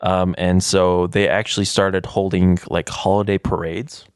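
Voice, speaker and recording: Man, 30s, podcast co-host; low smooth voice, rambling, self-deprecating delivery, dry close mic. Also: flat delivery, unhurried, no echo. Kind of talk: casual chat.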